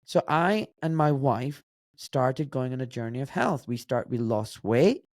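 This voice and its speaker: A man's voice: medium pitch, animated, measured pace, a little mellow, dry recording. Glaswegian man, forties, podcast guest; blunt, direct delivery, dry close-up sound. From Scotland. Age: 40s. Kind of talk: casual interview conversation.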